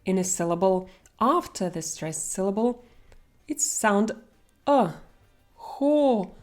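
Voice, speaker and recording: A woman's voice: mid-range voice, lively intonation, a little slow, soft background music. A young woman with a Russian accent teaching pronunciation in an online lesson, speaking carefully and stretching out example words.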